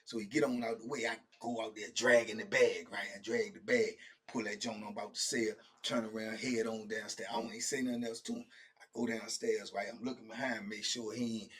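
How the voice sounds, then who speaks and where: A man's voice: on the low side, fairly quick. A middle-aged man hosting a show, animatedly telling a prison story in slang, acting out the people in it and often checking in with his listener. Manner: lively, slangy, acts out the other people he quotes; keeps checking in with "right?" and "you know what I'm saying?". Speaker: host telling prison stories.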